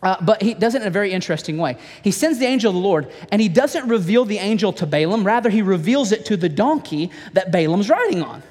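A male pastor preaching a sermon in a church, telling stories in a playful, animated way with asides to the congregation. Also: high-pitched, fast, few pauses, long reverb tail.

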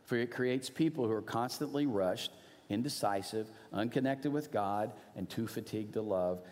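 A middle-aged male pastor preaching a sermon, telling a personal story earnestly, moving between animated emphasis and hushed, quiet moments. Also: on the low side, moderate pace. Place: church. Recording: long hall reverb.

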